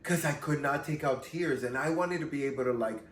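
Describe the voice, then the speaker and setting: A man who is a comedy video creator and actor, chatting casually and telling animated stories in which he acts out the voices of the people he quotes. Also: mid-range voice, a little fast. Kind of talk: casual podcast chat. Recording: roomy echo with faint ambience.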